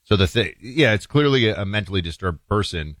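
Radio co-host, man, very low voice, measured and assured, dry studio. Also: animated, a bit bright, dry recording. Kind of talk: talk radio commentary.

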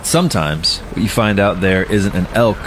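Deep-voiced man narrating an ominous promo. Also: background noise. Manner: ominous, measured. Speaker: podcast host. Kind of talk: scripted narration.

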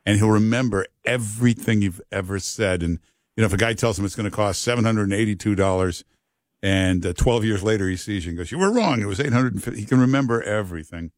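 A man's voice: fairly low pitch, fast talker, no echo. A man hosting a talk radio show, talking in an emphatic, repetitive way into a studio mic. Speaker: radio host.

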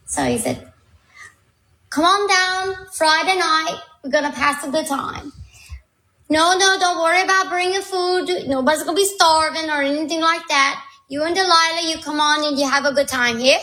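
A young woman leaves a voice message in a bright, high voice. She stretches her words into a slow drawl. The recording sounds roomy, like a phone in an open room. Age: young adult. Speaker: listener sending a voice message.

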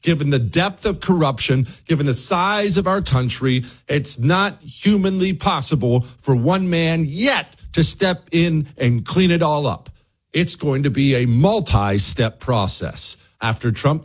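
A man's voice: fairly high pitch, lively intonation, a little slow, slightly rough. A man hosting a talk radio show, giving a fired-up monologue and speaking directly to his listeners.

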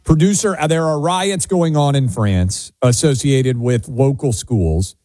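A man's voice: medium pitch, measured pace, mellow, faint music behind. A man from Nashville co-hosting a radio talk show, wry and opinionated, bantering casually and poking fun at himself. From Nashville, USA. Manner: wry, opinionated, self-mocking.

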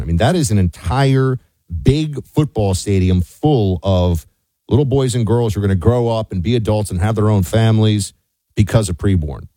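Dark-voiced male talk radio co-host. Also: fairly low pitch, dry recording. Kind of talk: talk radio chat and ad read.

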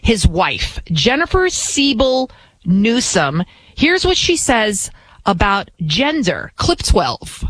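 A woman's voice: medium pitch, big pitch swings, takes it slowly, a bit bright, no room sound, rough recording. A woman filling in as a talk radio host, delivering blunt, combative and opinionated commentary.

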